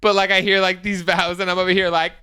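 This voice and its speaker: A young man in his twenties co-hosting a podcast, telling stories in a casual chat and acting out quotes in high squeals. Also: fast talker, clean tone. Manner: animated storyteller, acts out quotes with high squeals. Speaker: podcast co-host.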